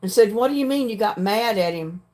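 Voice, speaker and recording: Older woman, livestream host, plain frank talk, frequent throat-clearing. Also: medium pitch, lively intonation, fairly quick, mellow. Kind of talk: casual chat reading viewer comments.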